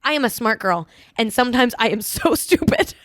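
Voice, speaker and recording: Animated chatty woman podcast host. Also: a little high, normal speed. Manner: chatty, animated, self-mocking. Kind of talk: casual chat.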